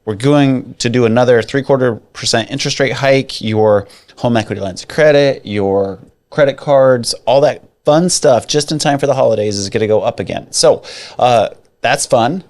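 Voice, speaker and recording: A man's voice: medium pitch, normal speed, a little mellow. A middle-aged man co-hosting a casual podcast as a mortgage lender, playful and jokey as he talks numbers.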